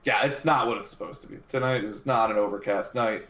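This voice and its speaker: Game master narrating in an echoey room. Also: male voice, fairly low pitch, fairly quick, fairly bright tone.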